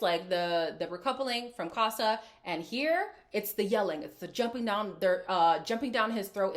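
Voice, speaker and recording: A woman talks through a reality TV episode in a frank, casual way. Her voice sits a little high. She slips into the cast's lines as she quotes them. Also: fairly bright tone. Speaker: reality TV recap host. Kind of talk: casual reaction commentary.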